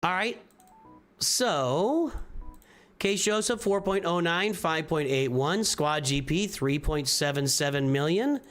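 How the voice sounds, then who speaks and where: Casual man with a slightly high voice. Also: takes it slowly, a bit bright. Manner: casual, thinking aloud with restarts and repeated phrases. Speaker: streamer reviewing game rosters. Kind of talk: live-stream commentary. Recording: faint music behind.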